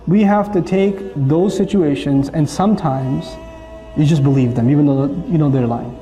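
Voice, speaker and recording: A man giving a humorous talk on parenting, animated and acting out scenes. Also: fairly high pitch, moderate pace. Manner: animated, acts out scenes with laughter. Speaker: speaker giving parenting advice. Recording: echoey hall with faint music.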